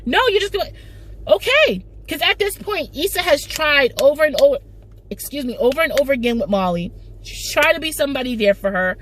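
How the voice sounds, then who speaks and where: A woman's voice: sits high, animated, fast talker, a little hiss or hum. Chatty young woman recapping with emphasis. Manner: chatty, emphatic, slangy asides. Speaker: TV recap vlogger. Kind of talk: casual recap chat.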